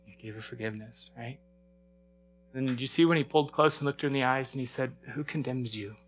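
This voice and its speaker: A man's voice: mid-range voice, quick pace. A man preaching a sermon in a conversational way, often asking his listeners questions. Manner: conversational, asks the audience questions.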